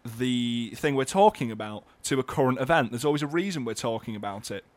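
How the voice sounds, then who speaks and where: A man co-hosting a comedic radio show, joking in a dry, playful, deadpan way. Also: mid-range voice, fairly quick, no room sound. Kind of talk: comedic casual chat.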